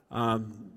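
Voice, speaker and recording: A middle-aged male pastor preaching a sermon, chatty and self-deprecating as he tells stories from the pulpit. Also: a bit bright. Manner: conversational, self-deprecating storytelling. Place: church sanctuary. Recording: long reverb in a hall.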